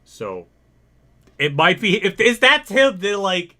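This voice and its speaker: Young male gaming host, casual rant over gameplay, exasperated and swearing, sharp forceful tone. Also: sits high, sing-song, takes it slowly. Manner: exasperated, ranting, swears, laughs it off.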